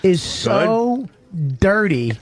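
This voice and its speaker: A man's voice: high voice, very animated, extremely slow, dry recording. A man telling a story in casual radio chat, rambling and stammering, often laughing mid-sentence.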